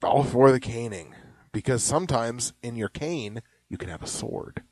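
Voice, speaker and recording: Animated joking male podcast host. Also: mid-range voice, normal speed. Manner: joking, animated, reads ads aloud with mock yelling. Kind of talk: casual comedic chat.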